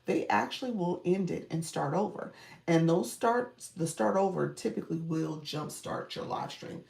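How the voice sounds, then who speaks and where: A woman's voice: on the low side, normal speed, vocal fry, a little mellow, far from the mic. A woman coaching viewers on a livestream in a chatty way, thanking them often and laughing easily. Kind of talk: live-stream coaching chat. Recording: echoey room, voice off-mic.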